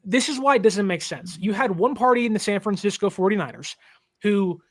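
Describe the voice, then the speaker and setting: A man's voice: high voice, animated, fairly quick, fairly bright tone. A man co-hosting a sports podcast, chatting casually, acting out quotes in little voices and laughing along.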